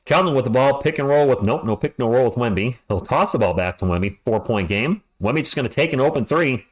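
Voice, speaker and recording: A man's voice: mid-range voice, lively intonation, quick pace. A middle-aged man doing live play-by-play commentary for a stream, chatty and jokey between calls.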